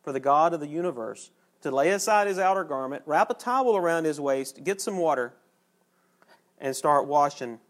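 A man delivers a sermon, his voice sitting a little high. He talks to the congregation conversationally and slows down to stress key phrases. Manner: folksy, conversational preaching with emphatic pauses. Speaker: preacher.

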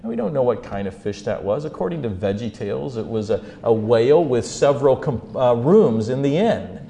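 Brief: male preacher with a gravel-edged voice who tells scripture stories with dramatic volume swings. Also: expressive, moderate pace. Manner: storytelling, swings from low asides to loud emphatic peaks. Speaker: speaker teaching on faith and mental health. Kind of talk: animated Bible-story sermon.

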